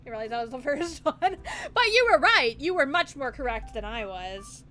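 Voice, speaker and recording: A woman's voice: on the high side, animated, a little fast. A woman streamer in casual live-stream chat, giggly, playful and rambling as she muses aloud.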